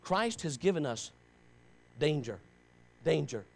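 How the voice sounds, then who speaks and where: A man's voice: a little high, big pitch swings, slow pace, creaky. A pastor preaching a sermon to his congregation, talking straight at them in an impassioned, conversational way and pressing them with rhetorical questions.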